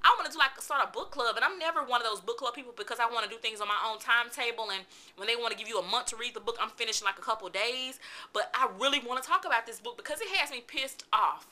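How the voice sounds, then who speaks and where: Animated chatty woman, bright voice. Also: fairly high pitch, quick pace. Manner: animated, chatty, vents with exclamations. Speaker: book reviewer. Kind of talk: casual vlog book review.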